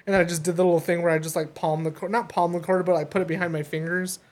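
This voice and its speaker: A young man co-hosting a casual podcast, telling stories in an animated way, laughing often and acting out the voices of the people in them. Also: a little high, very fast. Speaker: podcast co-host. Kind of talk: casual chat.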